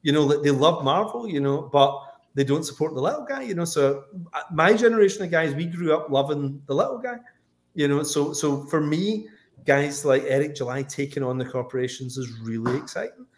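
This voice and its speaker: A man's voice: fairly high pitch, brisk. A man with a Scottish accent, a comic book writer rambling through anecdotes on a livestream video call. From Scotland. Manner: rambling, anecdotal, lots of "like" and "you know". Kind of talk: casual livestream chat.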